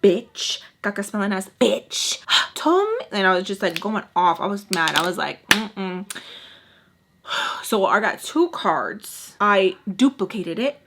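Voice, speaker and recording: A young woman telling a casual storytime vlog, animated and profane, acting out quotes in other voices. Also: mid-range voice, takes it slowly, background noise. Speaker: storytime vlogger.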